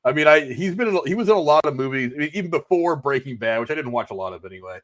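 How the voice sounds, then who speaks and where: A man's voice: a little high, animated. A man hosting a casual movie review chat, enthusiastic and handing the turn to the others. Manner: quick, enthusiastic, hands turns to guests. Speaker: podcast host.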